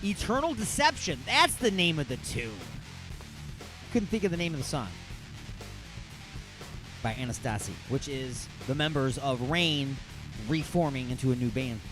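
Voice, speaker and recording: A man's voice: on the high side, a bit bright. Rambling upbeat radio host, man. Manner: rambling, self-interrupting, upbeat. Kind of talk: casual radio chat with live ad reads.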